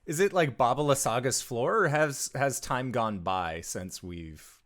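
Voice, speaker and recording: Male player, mid-pitched, halting and self-correcting. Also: lively intonation, a bit bright. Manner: rambling, restarts questions. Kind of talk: playing a tabletop game.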